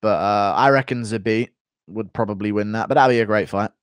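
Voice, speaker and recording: A man's voice: lowish voice, fairly quick, smooth, dry recording. Sarcastic man chatting on stream. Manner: sarcastic, mocking, casually profane. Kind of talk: casual livestream chat.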